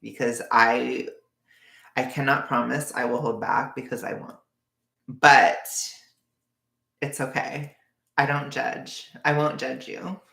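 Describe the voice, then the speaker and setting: A chatty livestreamer rambles to viewers while knitting. The voice has a gravelly vocal fry and keeps breaking into laughter. It sits in a roomy, echoey space. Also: mid-range voice, fairly even intonation, bright, forceful tone. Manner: rambling and chatty, lots of "like", quick bursts of laughter. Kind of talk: casual live-stream chat.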